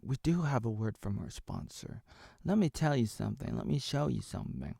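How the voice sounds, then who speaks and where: A man's voice: fairly low pitch, creaky, warm tone, no room sound, studio quality. A man in his thirties from Oregon, rambling through a playful, absurd comic monologue to camera, drifting into whispers and silly asides. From Oregon, USA. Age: 30s. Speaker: video creator.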